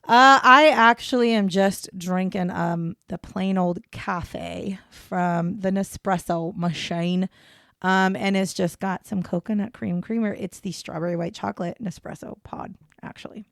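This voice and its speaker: A woman's voice: medium pitch, fairly even intonation, unhurried, gravelly, fairly bright tone, no echo, studio quality. A woman co-hosting a casual true-crime podcast, rambling and self-deprecating, breaking into giggles as she talks. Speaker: podcast co-host.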